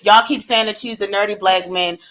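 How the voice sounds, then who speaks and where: A woman's voice: mid-range voice, fairly even intonation, brisk, a bit bright, faint music behind. A woman co-hosting a live stream in casual chat, talking bluntly and with animation, swearing freely and laughing often. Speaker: livestream co-host.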